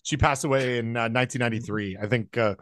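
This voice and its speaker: A man's voice: medium pitch, fairly even intonation, quick pace, fairly bright tone, no room sound. Man, podcast co-host, casual chat, rambling and self-deprecating, dry close sound. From American South.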